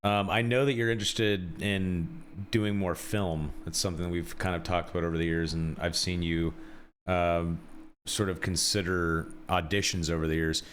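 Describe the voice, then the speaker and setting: A man hosting a podcast, asking questions in a relaxed, encouraging way. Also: low-pitched, moderate pace, a little hiss or hum. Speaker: podcast host. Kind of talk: casual chat.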